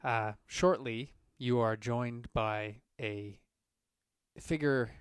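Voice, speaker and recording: A man's voice: medium pitch, drawn-out words, smooth, dry recording. A man narrating a tabletop game as game master, rambling along with lots of ums and uhs. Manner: relaxed, rambling narration with many fillers.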